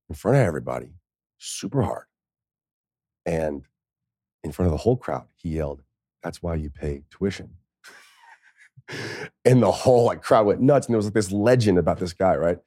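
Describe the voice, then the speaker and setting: Low-pitched and warm, this man in his thirties, once a football player, swaps casual stories as a podcast guest, laughing a lot and cursing without restraint. The recording is studio quality with no room sound.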